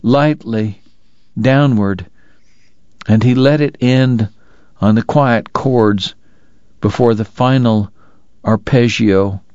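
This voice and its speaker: Slow, dramatic male audiobook narrator. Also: medium pitch, darkish tone, no echo, dull audio. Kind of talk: scripted narration.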